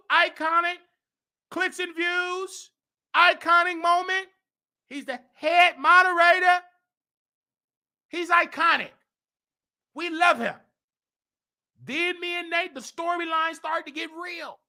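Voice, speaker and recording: A man hosting his show, telling a story in a flamboyant, dramatic way, jumping between loud bursts and hushed asides. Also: very high-pitched. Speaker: show host. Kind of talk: casual storytelling monologue.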